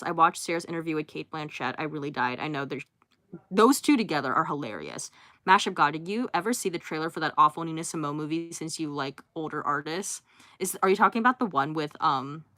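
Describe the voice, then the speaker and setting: Bright young woman chatting on a livestream. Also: deep voice, no echo, clean studio sound. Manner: reads out chat names and answers each briefly, with laughs and fillers. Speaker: livestream host. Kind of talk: casual livestream chat reading viewer comments. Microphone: phone.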